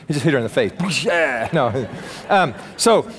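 A man's voice: medium pitch, animated, moderate pace, a little hiss or hum. Enthusiastic pastor man in an echoing hall. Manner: enthusiastic, casual and joking. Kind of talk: sermon. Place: church sanctuary. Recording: long reverb of a large hall.

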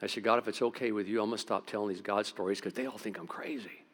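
A middle-aged pastor, preaching a sermon through stories, swinging between loud outbursts and quiet, intense moments. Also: male voice, on the low side, fairly even intonation, fast talker. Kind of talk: sermon with storytelling.

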